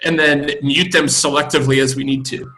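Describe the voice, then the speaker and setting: A man, a brewery co-owner, chatting on a video call in a relaxed, thoughtful way with many pauses and fillers. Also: mid-range voice, low-quality recording. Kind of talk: casual video call chat.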